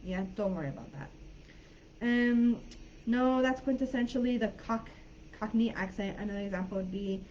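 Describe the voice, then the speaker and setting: A woman English teacher talks through a live online lesson in a relaxed, chatty way, often stopping to restart her sentences. Her voice comes over a somewhat dull video-call line with a faint hiss behind it. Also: mid-range voice, normal speed. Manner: friendly, chatty, many fillers and restarts. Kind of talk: live online class, casual teaching talk.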